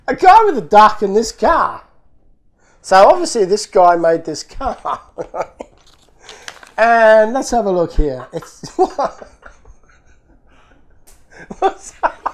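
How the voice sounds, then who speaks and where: A man's voice: high-pitched, drawn-out words, pauses often. Aussie guy rambling thru an unboxing, chuckles a lot, voice swings up and down all over. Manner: excitable, laughs often, talks to himself while opening parcels. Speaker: toy car channel host. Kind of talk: casual unboxing commentary.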